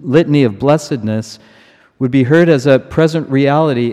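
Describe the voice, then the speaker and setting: A middle-aged man preaching a sermon in a church, slow and measured, repeating key words for emphasis. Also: a little high, dark tone. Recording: long reverb of a large church.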